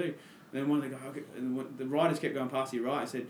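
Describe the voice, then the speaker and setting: A man's voice: mid-range voice, little pitch movement, fast talker, roomy sound, slight background noise. An Australian man, a podcast guest, telling a story in casual chat and acting out his own past lines.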